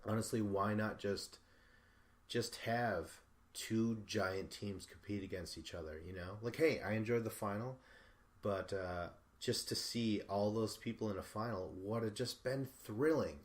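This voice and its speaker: A man's voice: fairly low pitch, unhurried. A man hosting a podcast, giving a casual solo recap in a rambling, profane way, full of fillers and restarts. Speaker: podcast host.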